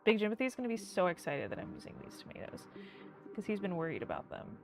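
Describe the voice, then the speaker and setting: A woman hosting a casual cooking livestream, bubbly and excitable as she talks to her chat from her kitchen. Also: mid-range voice, fast, faint music behind. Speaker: livestream host. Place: home kitchen.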